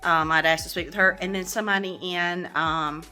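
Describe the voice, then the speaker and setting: Candid woman venting, bright voice. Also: fairly low pitch, fairly even intonation, fairly quick, soft background music. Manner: candid, venting, swears freely. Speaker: vlogger. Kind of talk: casual vlog update.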